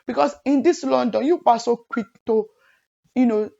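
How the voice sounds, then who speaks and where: A young woman from Nigeria chatting casually to her viewers in a lively, teasing way. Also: on the high side, moderate pace, creaky. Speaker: vlogger. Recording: muffled lo-fi audio.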